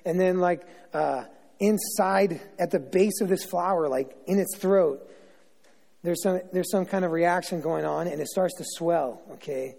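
A man's voice: sits high, measured pace, vocal fry, darkish tone. A middle-aged male pastor giving an informal, joking sermon, chatty and full of asides and self-interruptions. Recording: long reverb of a large hall.

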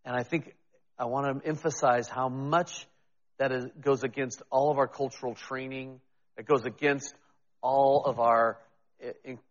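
A man's voice: mid-range voice, fairly even intonation, a little slow, long reverb tail, muffled recording. A man preaching a sermon as pastor, talking in a conversational, self-deprecating way with frequent restarts.

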